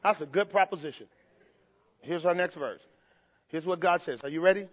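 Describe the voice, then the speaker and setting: An older man, a pastor, preaching a sermon, swinging from quiet asides to shouted emphasis and playful mimicry. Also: high-pitched, moderate pace, lo-fi sound.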